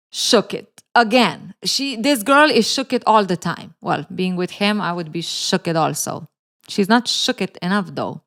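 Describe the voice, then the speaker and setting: A woman host narrating a novel's plot and adding chatty, sarcastic commentary straight to her viewers. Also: mid-range voice.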